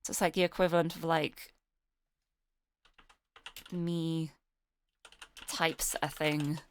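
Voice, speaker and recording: A woman's voice: sits low, level tone, slow pace, clean tone. A young British woman streaming a game, chatting with viewers and reading the story aloud. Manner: chatty, giggly, greets chat.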